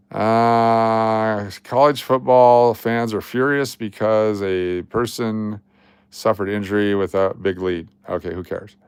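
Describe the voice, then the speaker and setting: A man with a somewhat low voice runs a casual livestream, chatting straight to his viewers. He is blunt and jokey and rambles as he reads the chat. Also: vocal fry, clean tone, dry recording. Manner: blunt, joking, rambling while reading the chat. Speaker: livestream host.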